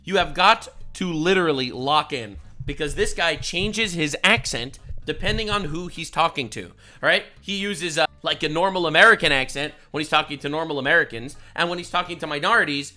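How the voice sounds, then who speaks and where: A man giving sarcastic commentary on political clips, ranting and bursting into loud mocking outbursts. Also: fairly high pitch, a little fast, few pauses, soft background music.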